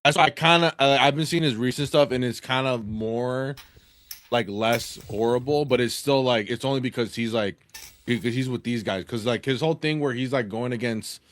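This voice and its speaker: A man in a casual podcast chat, speaking haltingly with many restarts. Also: mid-range voice, fairly bright tone.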